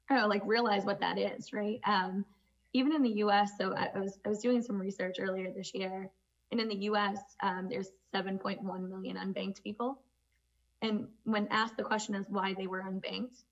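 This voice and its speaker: A woman moderating a conference panel, speaking in a measured, conversational way with frequent filler words. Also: mid-range voice, gravelly, muffled recording.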